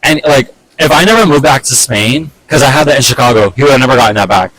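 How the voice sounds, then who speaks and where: A young man casually telling a personal story on a vlog, animated and exasperated, with lots of fillers and swearing. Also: medium pitch, fast, dry recording, rough recording. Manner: animated, fed-up retelling full of fillers and swearing.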